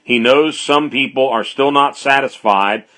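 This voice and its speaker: Male preacher, measured unhurried delivery, repeats key phrases for emphasis. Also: medium pitch, a bit bright. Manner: slow, deliberate preaching with emphatic repetition. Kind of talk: expository sermon.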